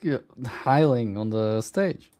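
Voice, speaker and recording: A man co-hosting a casual political chat, talking excitably and indignantly, full of "like" and restarts. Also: lowish voice, takes it slowly. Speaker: co-host.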